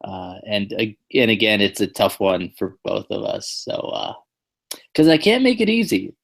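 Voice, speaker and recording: A man's voice: fairly low pitch, animated, moderate pace, creaky. A man hosting a podcast in casual chat, joking and rambling with fillers and restarts. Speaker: podcast host.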